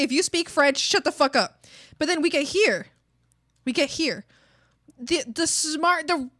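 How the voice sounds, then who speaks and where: Woman streamer yapping to chat, kinda high voice, swears a lot, rambly. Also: fairly bright tone, no echo, clean studio sound. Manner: rambling, swears freely, thinks aloud to chat. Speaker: art streamer. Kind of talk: casual livestream chat.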